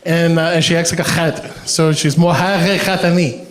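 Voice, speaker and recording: A man from Iran performs a stand-up set, his voice sitting high as he tells animated stories and laughs through his own punchlines. The sound bounces around an echoey live comedy room. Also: normal speed.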